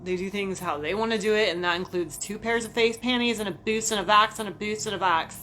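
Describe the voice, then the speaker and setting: A woman ranting casually to camera about work, profane, animated and self-mocking. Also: mid-range voice, fast talker, a little hiss or hum. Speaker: vlogger.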